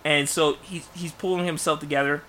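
A man in casual podcast chat, pitching a movie plot in rambling bursts with many restarts. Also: steady tone, brisk, a little hiss or hum. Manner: rambling storyteller, many restarts, bursts of loud acted lines. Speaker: podcast co-host.

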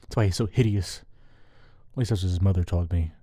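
A man's voice: low-pitched, a little fast, warm tone, dry recording. Man ranting crudely on a dry mic. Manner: crude, profane, rambling rants. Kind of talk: solo rambling monologue. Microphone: close microphone.

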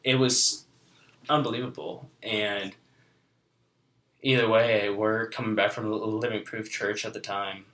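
A man in his twenties gives a heartfelt personal testimony, rambling and filling pauses with "you know" and "like". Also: lowish voice, flat delivery, pushed and bright. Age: 20s. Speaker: guest. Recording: echoey room.

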